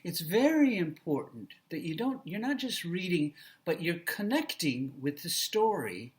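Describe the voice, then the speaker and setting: A man training future teachers, giving a classroom lecture and demonstrating how to read aloud to children with a coaching manner. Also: high-pitched. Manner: slow, animated, coaching tone with vocal demos.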